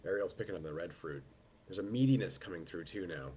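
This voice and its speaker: Male tasting host on a video call, low and throaty from a head cold, slow and descriptive, faint background noise. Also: lively intonation, warm tone. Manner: unhurried, descriptive, greets guests by name. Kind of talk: live online wine tasting.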